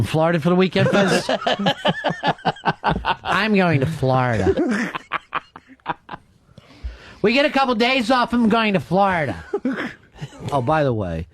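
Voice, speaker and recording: A man hosting a radio show in casual, profane, mocking talk. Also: medium pitch. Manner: profane, mocking, puts on voices in quotes. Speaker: radio host.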